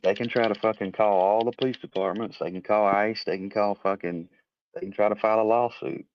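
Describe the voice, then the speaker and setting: Male, heated rambling talker who swears freely, low voice, dry lo-fi audio. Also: fairly even intonation, brisk, no echo. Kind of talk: casual chat.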